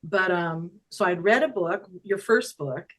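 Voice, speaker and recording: Older woman guest, animated storyteller who laughs a lot and acts out her own quotes, video call. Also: fairly low pitch, unhurried, low-quality recording. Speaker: guest energy healer. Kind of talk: casual personal storytelling.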